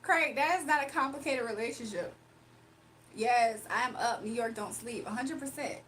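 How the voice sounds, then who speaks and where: A woman's voice: high-pitched, fairly quick, fairly bright tone, slight background noise. A young woman livestreamer chatting casually and reading her chat aloud, sarcastic and playful, laughing often.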